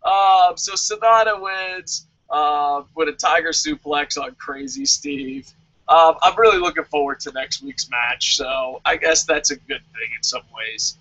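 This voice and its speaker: High, bright-voiced man ranting sarcastically. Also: measured pace, gravelly, muffled recording. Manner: sarcastic, swears a lot, animated. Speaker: wrestling show reviewer. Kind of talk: casual profane review rant.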